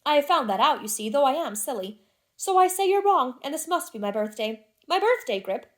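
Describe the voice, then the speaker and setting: A woman's voice: high-pitched, big pitch swings, a little fast, fairly bright tone, voice pushed up. A woman voicing a simple-hearted young man who speaks earnestly and childlike to his mother.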